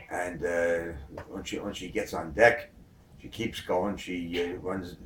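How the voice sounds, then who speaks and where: A man's voice: deep voice, slight background noise. A man telling a long joke in a rambling way, full of fillers. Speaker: joke teller. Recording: echoey room from far off.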